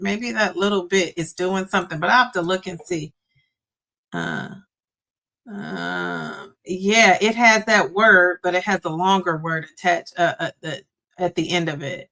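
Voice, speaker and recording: A woman's voice: on the low side, sharp tone. A middle-aged woman hosting a casual livestream, chatting, laughing often and reading viewer comments aloud. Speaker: livestream host reading chat. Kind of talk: casual live chat.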